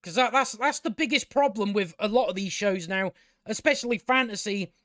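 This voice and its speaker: A man's voice: high voice, a little fast, pushed and bright, dry recording, studio quality. A man giving a rambling, exasperated and profane casual review of a TV show as host of his own channel. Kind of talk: casual spoken review commentary.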